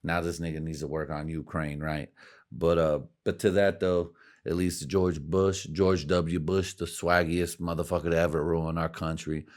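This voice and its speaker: A man's voice: deep voice, little pitch movement, moderate pace. A man hosting a podcast, rambling in a casual, profane way and laughing at his own jokes. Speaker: podcast host.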